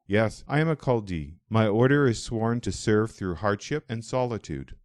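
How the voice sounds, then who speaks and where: A man voicing an older hermit monk, devout and calm, who speaks in a booming but welcoming way in an audiobook. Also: moderate pace, no room sound, clean studio sound, close to an everyday voice. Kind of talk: audiobook dialogue.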